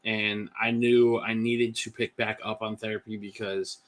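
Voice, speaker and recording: Male podcast guest, low pitch, sharp bright tone, candid testimony. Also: flat delivery, unhurried. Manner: candid storytelling with many fillers. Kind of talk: personal testimony.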